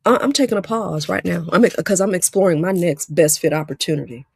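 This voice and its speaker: A woman's voice: on the low side, fairly quick, creaky, a little mellow, slightly rough, no room sound. Emphatic, preachy woman coach, dry sound. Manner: preachy, emphatic, repeats phrases. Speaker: career coach. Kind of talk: live-stream coaching talk.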